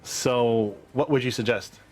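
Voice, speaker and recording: A man's voice: medium pitch, fairly even intonation, a little slow, heavy background noise. Casual man running a tabletop game. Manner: casual, explains rules and scenes with many fillers. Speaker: game master. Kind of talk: narrating a tabletop game for kids over a video call.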